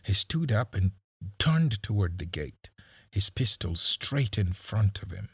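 Male audiobook narrator, low husky voice, slow and dry, measured dramatic delivery. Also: big pitch swings, a bit bright, no room sound.

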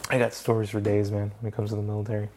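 A man's voice: fairly low pitch, completely flat delivery, racing, darkish tone, slight background noise. A young man hosts a casual podcast chat. He tells his story in a heated, profane way, swearing freely as he goes. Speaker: podcast host.

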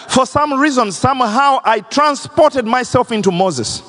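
A man preaching a sermon as pastor, impassioned and swinging between high and low registers. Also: normal speed, few pauses, a bit bright. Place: large church hall. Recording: long church reverb.

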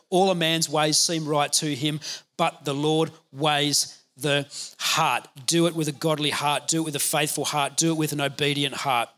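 A man pastor giving a conversational, energetic sermon, laughing now and then. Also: a little high.

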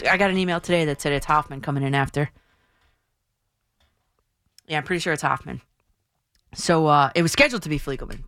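A woman's voice: mid-range voice, a bit bright, no room sound, clean studio sound. A woman in her thirties hosting a sports talk radio show, chatty and emphatic. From New Jersey. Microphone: studio microphone.

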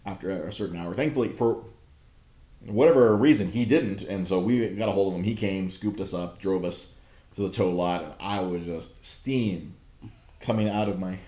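A podcast host in his thirties, with a deep, warm voice at normal speed, tells an exasperated story laced with profanity in casual chat. The room gives a roomy echo.

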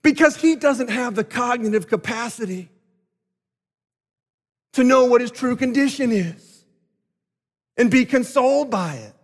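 A male pastor delivering a sermon, emphatic and swinging between loud and quiet passages. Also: very high-pitched, lively intonation, unhurried, pauses often. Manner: emphatic, rising and falling delivery. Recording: long hall reverb.

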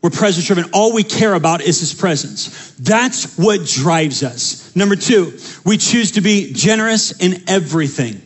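High, husky-voiced preaching pastor. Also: male voice, normal speed, few pauses. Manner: animated preaching with repeated phrases and stammered restarts. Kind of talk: sermon.

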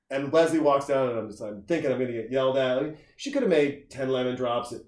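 Brief: casual male podcast host, mid-pitched and rambling, echoey room. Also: fairly quick, few pauses, a little mellow. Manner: rambling storyteller, many restarts and filler words. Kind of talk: casual chat.

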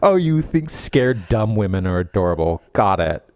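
Animated sarcastic man recapping a book. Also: fairly low pitch, normal speed, no room sound, studio quality. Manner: animated, sarcastic retelling with mocking quoted voices. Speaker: podcast co-host. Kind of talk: casual book-recap chat.

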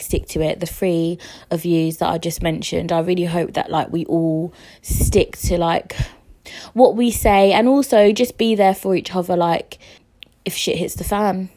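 A woman's voice: mid-range voice, dark tone. A young woman talks through her solo podcast in a loose, chatty way. She rambles with lots of fillers, swears freely, and mocks herself with a cheeky, emotional edge. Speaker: podcast host. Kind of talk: casual solo podcast chat.

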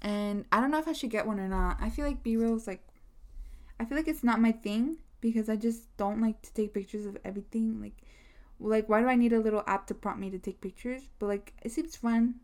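A woman's voice: fairly high pitch, fairly even intonation, a little fast, darkish tone. A young woman hosting a casual solo podcast, chatty and rambling with lots of fillers. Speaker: podcast host.

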